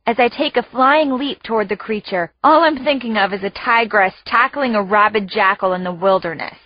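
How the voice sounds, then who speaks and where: A woman narrating an audiobook in the first person with tense, hushed storytelling. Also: medium pitch, moderate pace, no echo, highs cut off.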